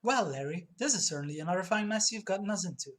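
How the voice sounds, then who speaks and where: A woman streaming a video game, reading its text aloud with soft muttered asides. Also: on the low side, animated, fast.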